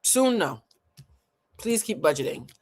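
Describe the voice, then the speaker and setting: A woman giving a live-stream tarot reading, animated, blunt and playful, talking to viewers in casual slang and laughing often. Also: fairly low pitch, a little slow, breathy edge. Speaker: tarot reader.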